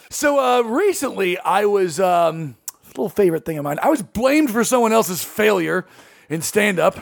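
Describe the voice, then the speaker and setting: A man's voice: high voice, lively intonation, normal speed, creaky. A man hosting a casual podcast, joking animatedly and laughing often. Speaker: podcast host and stand-up comedian.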